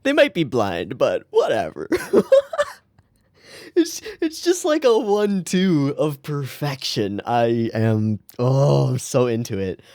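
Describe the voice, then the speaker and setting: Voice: mid-range voice, sing-song, slow, dark tone, no room sound, clean studio sound. A young adult anime reaction host giving casual, joking commentary, swearing freely and laughing often.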